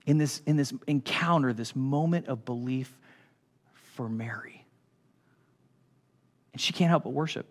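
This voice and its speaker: A man preaching a sermon as pastor, animated and swinging from hushed lines to shouts. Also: mid-range voice, unhurried, long pauses.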